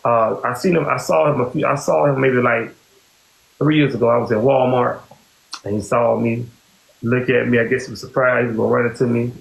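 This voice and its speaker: A podcast host with a creaky, mid-range voice tells a personal story in a steady tone and at a fairly quick pace. His casual, rambling talk keeps returning to "you know what I'm saying." The recording has an echoey room sound and a faint hiss.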